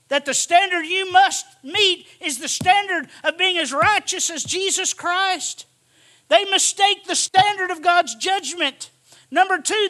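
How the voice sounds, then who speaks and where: High, bright-voiced male preacher. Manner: emphatic, repeats lines, swings from hushed to shouting. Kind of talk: sermon.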